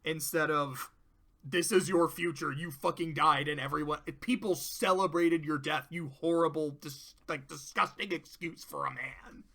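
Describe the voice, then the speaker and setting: Bright-voiced excited man reviewing cartoons. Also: a little high, moderate pace, creaky. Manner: excited, swears a lot, laughs hard. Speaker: video reviewer. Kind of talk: casual commentary.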